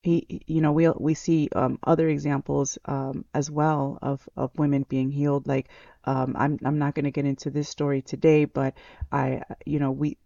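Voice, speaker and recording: A man's voice: on the high side, flat delivery, normal speed, gravelly, warm tone, no room sound. A man hosting a devotional podcast, reflecting on a Bible passage in an earnest way, repeating key phrases with many fillers and restarts. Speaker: podcast host. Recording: dull, lo-fi, dry sound.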